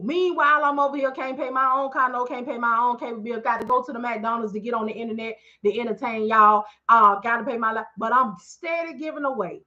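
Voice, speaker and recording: Woman, high bright voice, preachy testimony, lo-fi stream audio. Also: moderate pace. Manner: preachy, emphatic, call-and-response asides. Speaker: business owner speaking to followers. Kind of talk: live-stream testimony to followers.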